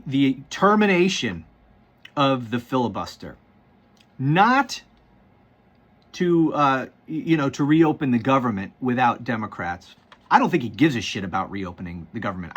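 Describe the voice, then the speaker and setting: A man's voice: fairly high pitch, a bit bright. A man hosting his own political commentary, ranting casually and with exasperation, swearing and often repeating his words.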